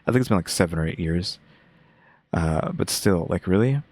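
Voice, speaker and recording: A young man hosting his own channel, giving laid-back, monotone reaction commentary. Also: low-pitched, normal speed. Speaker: channel host reacting to a game showcase.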